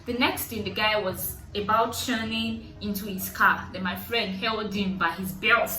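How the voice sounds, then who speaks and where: A young adult Nigerian woman with a Nigerian accent, vlogging, telling a story with lively, high-pitched outbursts when she quotes people. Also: measured pace, distant mic, soft background music. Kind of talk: animated storytelling. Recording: echoey room, voice set back from mic.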